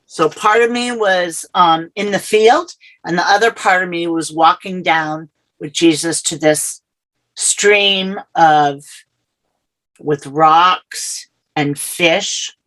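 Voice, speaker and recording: A middle-aged woman telling her personal story as an interview guest, earnest and halting, often repeating herself. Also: fairly low pitch, a bit bright, low-quality recording.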